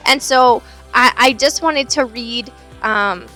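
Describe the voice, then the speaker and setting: A woman's voice: fairly high pitch, slow pace, pushed and bright, faint music behind. A woman giving a casual, earnest devotional Bible teaching in a conversational way, with many filler words. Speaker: devotional speaker.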